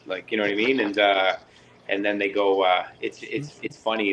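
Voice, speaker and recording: A man's voice: on the low side, moderate pace, slight background noise, poor audio. A man from Canada chatting casually, acting out both sides of the conversations he tells. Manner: animated storyteller, acts out both sides of conversations. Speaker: fish keeper on a live chat. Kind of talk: casual chat.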